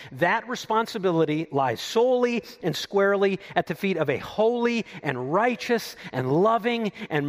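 A male pastor delivering a sermon, his fairly high voice swinging widely in pitch. He reads scripture aloud and then unpacks it, punching key lines loudly and dropping into hushed, low asides.

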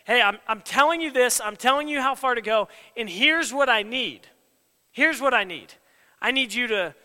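A man preaching in a casual, emphatic way, slipping into quoted back-and-forth dialogue. His voice sits high, bright and clear. The sound rings with a long hall reverb. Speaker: pastor. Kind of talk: sermon.

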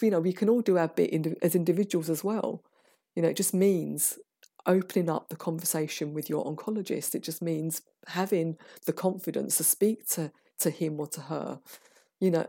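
A woman speaking as a patient advocate guest on a podcast, earnest and halting, with many fillers and restarts. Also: low voice, dark tone, slightly rough, no room sound, studio quality. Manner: earnest, halting, full of "you know" and restarts. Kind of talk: podcast interview.

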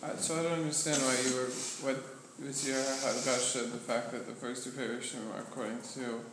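A man's voice: mid-range voice, steady tone, fairly quick. A man in a group study of a religious text, asking questions and challenging the explanation. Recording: echoey room with clear background noise.

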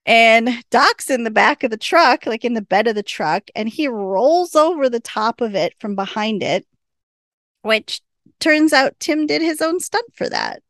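A woman's voice: a little high, lively intonation, a little slow, fairly bright tone, no room sound, clean studio sound. A woman hosting a podcast, casually recapping a TV episode, laughing often and acting out the lines. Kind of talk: casual chat.

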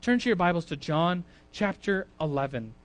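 Chatty male preacher, slightly high voice. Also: expressive, moderate pace. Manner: chatty, conversational, with frequent fillers; swings between quiet asides and loud emphasis. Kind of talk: informal sermon.

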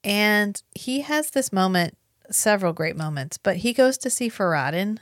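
Podcast host, woman, animated and profane, dry close recording. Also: medium pitch, dry recording. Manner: animated, swearing, quick asides. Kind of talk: casual book discussion.

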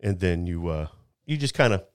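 A man's voice: low voice, animated, moderate pace, clear, resonant tone, dry recording, clean studio sound. A man in his fifties telling a personal story in casual chat, rambling with frequent restarts and laughing at himself. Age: 50s.

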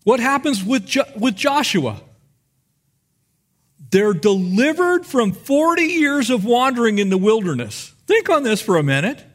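A male pastor preaching with a high, very lively voice that swoops up and down as he tells the stories. He acts out the figures and talks straight to his congregation. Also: measured pace. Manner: animated storytelling, acts out biblical figures. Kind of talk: sermon.

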